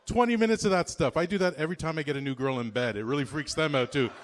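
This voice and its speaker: A man's voice: a little high, fast. A man from India doing a stand-up set with crude, brash crowd banter. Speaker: stand-up comedian. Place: comedy stage in a small town.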